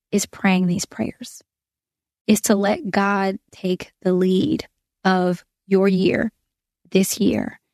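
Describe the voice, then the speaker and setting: A woman's voice: mid-range voice, darkish tone, no echo. Earnest woman podcast host, dry close sound. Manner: earnest, heartfelt, with fillers and restarts. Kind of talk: prayer podcast, spoken prayer and reflection.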